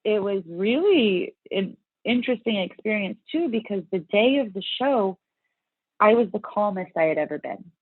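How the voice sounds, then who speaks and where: Animated woman on a tinny line. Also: medium pitch, normal speed, husky, no room sound. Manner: animated, many restarts and fillers. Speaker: guest, bodybuilding competitor. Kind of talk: casual interview storytelling.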